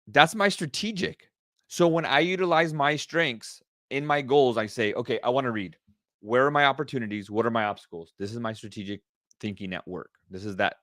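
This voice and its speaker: A middle-aged man hosting a casual solo podcast, talking with excited energy and often repeating himself. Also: medium pitch, no room sound, clean studio sound. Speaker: podcast host.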